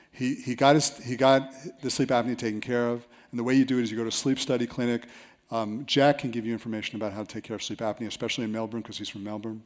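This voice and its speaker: A man presenting a seminar to a live audience. He tells self-mocking stories with lively energy. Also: medium pitch, fast. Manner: storytelling, animated, with self-mocking anecdotes.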